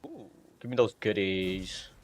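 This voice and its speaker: A man streaming gameplay, reacting out loud with quick exclamations as he plays. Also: fairly low pitch, a little hiss or hum. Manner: excitable, exclaiming at the game. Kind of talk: live gameplay commentary.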